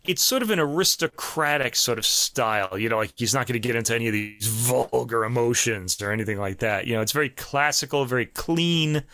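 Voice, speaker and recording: A man's voice: medium pitch, animated, a little fast, few pauses, pushed and bright, no echo, studio quality. Chatty New York man reviewing piano music. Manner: conversational, chatty, many fillers and restarts. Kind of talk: casual spoken album review.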